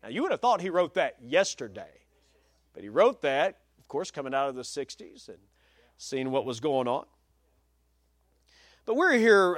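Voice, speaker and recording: Male pastor, higher pitch, emphatic sermon delivery with folksy asides, dry recording. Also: no room sound. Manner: emphatic, varies pace for stress, folksy asides.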